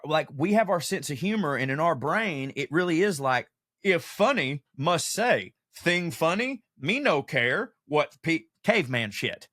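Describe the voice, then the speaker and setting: A man hosts a casual podcast monologue in a slightly high voice. He rants with animated energy and swears freely, tossing in comic asides. The recording is close and dry, with no room sound. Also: no echo. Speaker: podcast host, comedian.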